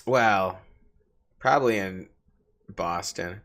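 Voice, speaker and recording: A man's voice: sits low, slow, a bit bright. A man co-hosting a casual podcast, joking around, laughing often and trailing off mid-thought. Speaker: podcast co-host. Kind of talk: casual chat.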